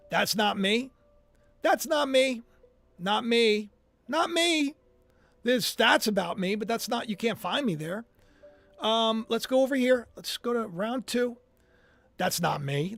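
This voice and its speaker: A man's voice: high-pitched, no room sound. A man hosting his own channel, talking casually in a rambling way and often repeating himself. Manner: rambling, repeats phrases, chatty. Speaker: channel host. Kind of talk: casual commentary livestream.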